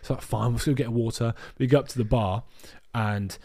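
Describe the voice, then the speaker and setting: A man tells stories on a casual podcast, animated and quick to swear. His voice sits at an ordinary middle pitch for a man. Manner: swears a lot, animated storytelling. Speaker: podcast co-host. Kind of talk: casual storytelling chat.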